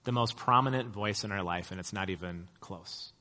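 A man's voice: sits low, moderate pace, sharp tone. A middle-aged man preaching a sermon, telling stories in a casual, conversational way with self-deprecating humor. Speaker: pastor. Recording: long hall reverb.

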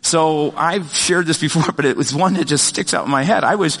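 An older man preaching a sermon as pastor, talking in a conversational, animated way with many fillers and restarts. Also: a little high, normal speed, long reverb tail.

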